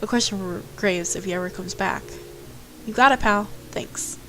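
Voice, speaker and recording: A woman's voice: medium pitch, normal speed, a bit bright, faint music behind, low-quality recording. Playful woman reading a game aloud. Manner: playful, joking asides. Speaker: streamer. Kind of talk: reading a visual novel aloud.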